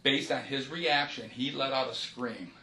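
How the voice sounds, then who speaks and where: A man, a police supervisor, recounts a shooting in detail during a formal interview, in halting runs with restarts and a polite "yes, sir.". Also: medium pitch, pushed and bright, slight background noise. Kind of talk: recorded investigative interview.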